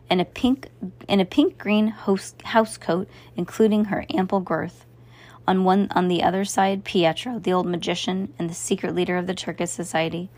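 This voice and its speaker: A woman narrating a storybook, often stumbling and restarting her phrases. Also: mid-range voice. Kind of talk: storybook reading.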